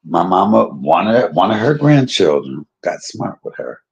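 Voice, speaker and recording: A middle-aged man casually telling a personal story, animated and laughing, using street slang and acting out quotes. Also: deep voice, a little slow, vocal fry, lo-fi sound.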